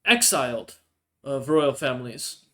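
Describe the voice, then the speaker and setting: A man voicing a large, formal male Goliath guild official who speaks politely and in measured phrases. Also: mid-range voice, animated, fairly bright tone.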